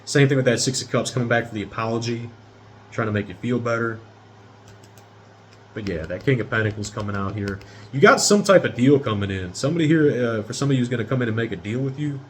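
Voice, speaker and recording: A man's voice: mid-range voice, fast talker, slight background noise. A man in his thirties giving a casual tarot reading straight to his viewers in a rambling, profane way. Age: 30s. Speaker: tarot reader.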